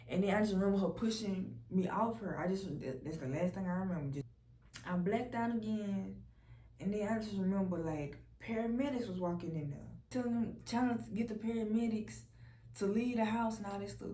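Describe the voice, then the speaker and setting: A young woman recounts her own testimony in a loose, unpolished way, swearing openly and leaning on "like" as she goes. Her voice sits at an ordinary pitch. The room around her carries a noticeable echo. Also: a little fast, warm tone. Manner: candid, profane, lots of "like" fillers. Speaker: vlogger sharing a personal testimony. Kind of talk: casual storytelling testimony. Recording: roomy echo.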